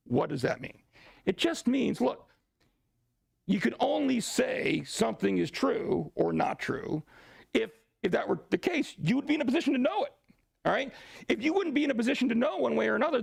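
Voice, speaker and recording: A man teaching a church class in a lively, joking way, adding asides to the students. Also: high-pitched, creaky, husky, dry recording. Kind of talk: classroom lecture.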